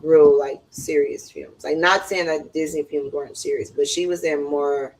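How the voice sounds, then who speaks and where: A woman's voice: low-pitched, steady tone, normal speed, a little mellow, rough recording. A woman hosting a podcast in casual chat, talking in a chatty, dramatic way. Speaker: podcast host.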